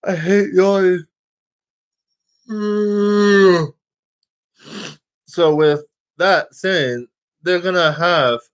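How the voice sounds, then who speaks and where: A man's voice: medium pitch, smooth. A man talking casually to his viewers, rambling, restarting lines and swearing freely. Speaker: vlogger.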